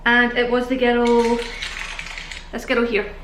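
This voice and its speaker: A woman's voice: on the high side, completely flat delivery, slow, background noise. A young British woman chatting casually to camera, out of breath and rambling, laughing often. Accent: British English. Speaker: vlogger. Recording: echoey room.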